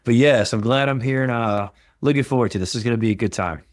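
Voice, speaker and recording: A man's voice: medium pitch, fast, no room sound, clean studio sound. A middle-aged man from Southeast Texas with a Texan accent, a neurosurgeon guest telling his story in a friendly, self-deprecating way. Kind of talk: casual interview.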